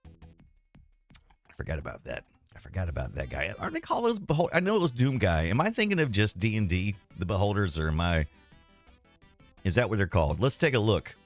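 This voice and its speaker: A deep-voiced man chats loosely with his live-stream viewers, rambling and poking fun at himself as he plays. Faint music runs quietly underneath. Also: big pitch swings, fast talker. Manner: rambling, self-deprecating, talks to chat while playing. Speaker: streamer playing retro games.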